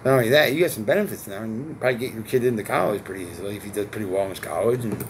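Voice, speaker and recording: With a lowish voice and a racing pace, this Connecticut man in his forties vlogs alone to camera, rambling at length. His talk is laced with swearing, repetition and rhetorical questions, over a faint hiss or hum.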